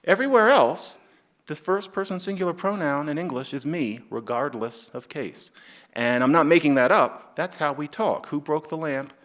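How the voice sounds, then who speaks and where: A middle-aged man from the United States lectures to an audience in an emphatic, wry manner. His pitch sits in an ordinary middle range for a man, and he jumps into quoted phrases with lively, playful emphasis. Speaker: speaker. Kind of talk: public lecture. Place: lecture stage.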